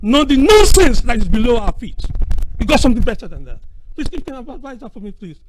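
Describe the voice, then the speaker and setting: A middle-aged man from Nigeria gives a motivational talk on a video call. He preaches and repeats phrases for emphasis, sometimes rising to a shout. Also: very high voice, big pitch swings, brisk, a little hiss or hum, poor audio. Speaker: speaker presenting to an online meeting.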